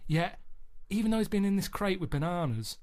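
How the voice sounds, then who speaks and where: A deadpan Mancunian man with a slightly high voice, chatting on the radio. He makes blunt, matter-of-fact points at an unhurried pace. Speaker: regular radio guest. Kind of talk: casual radio chat.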